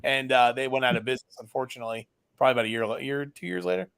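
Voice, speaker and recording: A man's voice: mid-range voice, rapid-fire, creaky, a bit bright, clean tone. A man, a business founder and guest, telling a story casually and animatedly, acting out dialogue with lots of fillers.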